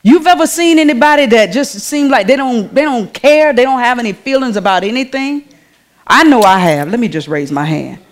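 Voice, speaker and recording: A woman, preaching a sermon in a church in a conversational way, calling out to the congregation. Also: high-pitched.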